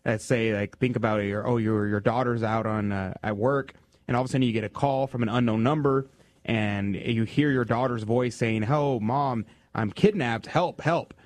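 A man's voice: lowish voice, steady tone, brisk, dry recording. Conversational male radio host, dry sound. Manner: loose, conversational, many fillers and restarts. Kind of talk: casual radio talk.

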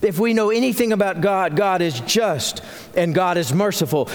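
A man preaching a sermon as senior pastor, telling the story in an animated way with frequent restarts. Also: high-pitched, moderate pace, long reverb tail.

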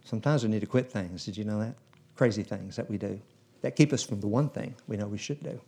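A man's voice: on the low side, fast talker, mellow, breathy edge. Folksy man preaching a sermon. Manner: folksy storytelling, acts out biblical characters.

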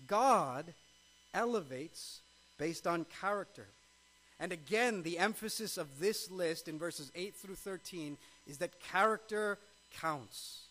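High-voiced man preaching a sermon. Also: pushed and bright, rough recording. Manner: emphatic, with frequent rhetorical questions. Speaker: pastor.

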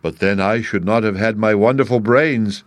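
A man's voice: mid-range voice, normal speed, no room sound, close to an everyday voice. A man voicing an earnest, humble stuffed scarecrow in a storybook, plain-spoken.

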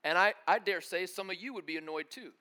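A young male preacher tells a story from the pulpit, voicing each person in it with lively energy. His voice sits high and sounds bright and forward. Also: fast talker. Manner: animated, acts out dialogue, laughs often. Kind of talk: storytelling sermon.

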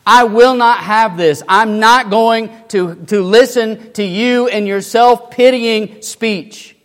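A man preacher voicing a firm but loving father who corrects his son slowly and emphatically. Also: high-pitched, big-room sound, pitched above the performer's own voice.

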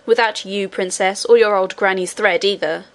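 A woman's voice: medium pitch, fairly even intonation, moderate pace, natural voice. A woman reading aloud, voicing a boy who speaks bluntly and rudely. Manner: blunt, rude. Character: boy miner, blunt and disbelieving.

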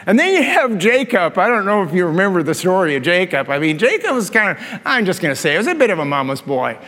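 An older man preaching a conversational sermon as a pastor, animated and telling stories with self-deprecating asides. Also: sits high, fast talker. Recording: long reverb of a large hall.

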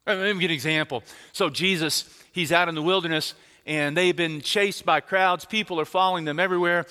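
A man preaching a sermon as pastor, telling stories with dramatic swings from loud to hushed. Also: a little high, brisk, clear, resonant tone. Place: church sanctuary. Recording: reverberant church hall.

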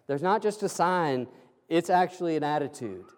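A male pastor preaching a sermon, slowing into emphatic, pleading phrases. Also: fairly high pitch, expressive, long reverb tail. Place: church sanctuary.

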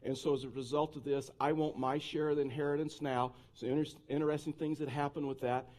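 A man's voice: fairly high pitch, level tone, quick pace, a little mellow. A male pastor preaching a sermon in a conversational style, with frequent restarts.

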